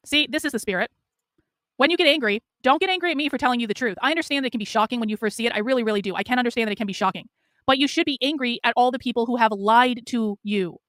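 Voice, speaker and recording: High, bright, yelling woman commentator. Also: no room sound, clean studio sound. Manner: yelling, profane, scolding. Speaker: political commentator. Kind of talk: livestream rant.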